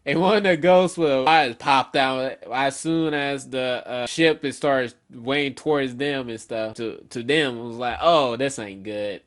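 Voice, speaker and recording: A man's voice: medium pitch, unhurried, hardly any pauses. A man giving a casual, rambling chapter review with many fillers and some casual swearing. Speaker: manga reviewer.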